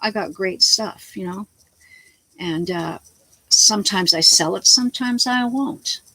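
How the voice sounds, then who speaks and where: A woman rambles through a home vlog in a gravelly, husky voice at a middling pitch. She is blunt and chatty, swears without hesitation, and hops from topic to topic. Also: unhurried, sharp tone, no echo, low-quality recording. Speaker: vlogger. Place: at home, talking to the camera.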